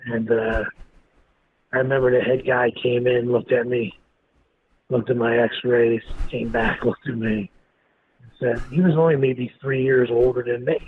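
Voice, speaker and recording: A man's voice: mid-range voice, a little slow. A man, a guest in an interview, telling a story bluntly and with lots of swearing. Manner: blunt, profane, animated storyteller. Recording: tinny phone-like line with faint noise.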